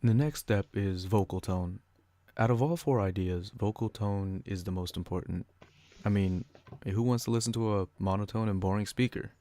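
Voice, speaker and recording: Deep-voiced young man reading a lesson. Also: moderate pace, dark tone. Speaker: student podcaster. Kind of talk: scripted educational podcast.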